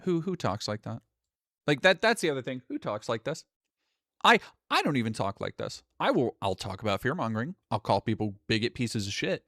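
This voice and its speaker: A male streamer reacts to videos in a sarcastic, exasperated running commentary and swears freely. His pitch swings widely as he talks, and the close mic sounds dry and free of any room echo. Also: big pitch swings, brisk, a bit bright. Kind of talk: casual live-stream commentary.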